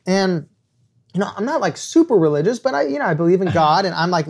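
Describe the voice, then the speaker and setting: A young man, a podcast guest and author, telling an animated anecdote and acting out quoted lines. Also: high voice, quick pace, vocal fry. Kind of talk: storytelling anecdote.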